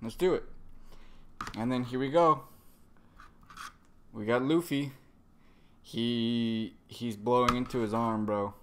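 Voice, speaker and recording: A man's voice: mid-range voice, fairly even intonation, slow, pauses often, a bit bright, a little hiss or hum. A man casually recapping a comic chapter, rambling, cursing a lot and trailing off into fillers. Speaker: manga reviewer.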